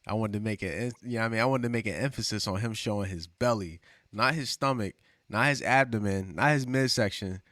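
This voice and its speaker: A man's voice: on the low side, fast talker, a bit bright, no echo, studio quality. A man co-hosting a podcast in laid-back casual chat, repeating phrases and laughing often. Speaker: podcast co-host.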